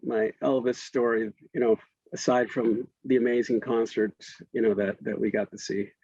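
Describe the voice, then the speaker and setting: Man in his fifties, middle pitch, chatty storyteller, dry slightly dull recording. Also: level tone, normal speed, a little mellow, dry recording. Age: 50s. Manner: chatty, laughing, frequent restarts. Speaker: interview guest. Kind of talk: casual storytelling.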